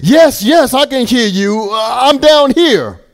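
A man's voice: very high-pitched, animated, takes it slowly, voice pushed up, heavily acted. A preacher acting out a frantic man hanging off a cliff. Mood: panicked. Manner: frantic, pleading yells. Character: panicked man dangling from a cliff.

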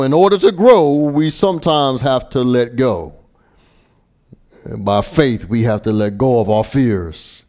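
A man preaching a sermon, deliberate and emphatic, with occasional small stammers and restarts. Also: medium pitch, a little mellow.

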